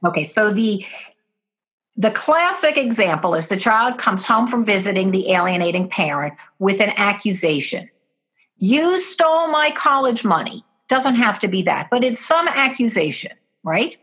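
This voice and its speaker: A woman's voice: medium pitch, animated, normal speed, fairly bright tone. A woman guest in an interview, earnestly explaining parenting steps and acting out what parents and children say.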